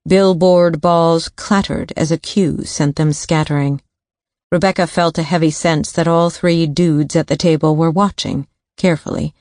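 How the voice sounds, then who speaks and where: Low-voiced woman narrating a thriller. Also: darkish tone, no echo, clean studio sound. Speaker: audiobook narrator.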